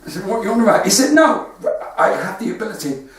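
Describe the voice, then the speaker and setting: A man's voice: high voice, expressive, rapid-fire. West Country man telling jokes, very echoey. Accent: West Country English. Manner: chatty storytelling with quoted dialogue. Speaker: stand-up comedian. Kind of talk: stand-up comedy livestream. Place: front room at home. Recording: very echoey room, distant mic, faint noise.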